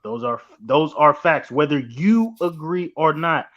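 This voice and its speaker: A man's voice: on the high side, expressive, a little slow, a bit bright. A man with a somewhat raised voice keeps pressing his point in a heated sports debate, cutting in to correct the others. The sound is muffled and lo-fi. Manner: insistent, repeats a name to break in. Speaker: podcast panelist.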